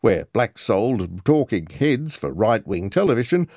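A man's voice: on the low side, sing-song, a little slow, a little mellow, no room sound, clean studio sound. A man narrating a scripted news report as a reporter, with wry, sardonic commentary.

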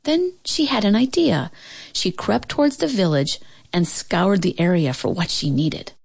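A woman reads a children's storybook aloud, telling it with expression and a measured pace. Her voice sits a little low for a woman. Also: expressive, gravelly, husky. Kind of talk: storybook read-aloud narration.

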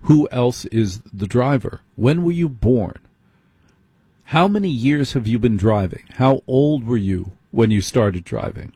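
Husky-voiced male late-night radio host. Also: mid-range voice, lively intonation, a little slow, mellow, no room sound. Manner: conversational, asks listeners direct questions. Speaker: radio talk show host.

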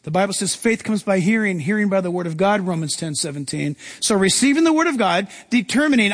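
A male pastor delivers a sermon with animated energy, slipping into the voices of the figures he talks about. His voice sits high and swings widely in pitch, with a husky edge. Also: quick pace, few pauses.

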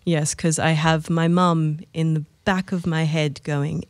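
A woman's voice: low-pitched, little pitch movement, measured pace, a little mellow, no echo. Young adult woman, light giggly guest-interview chat, dry close recording. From Australia. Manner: giggly, laughs between phrases. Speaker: singer guest.

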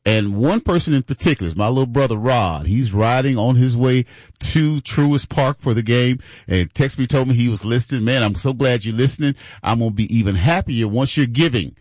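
A man's voice: mid-range voice, expressive, fairly quick, darkish tone, no room sound, studio quality. A man co-hosting a radio pledge drive, playful and encouraging, often laughing. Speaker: radio co-host.

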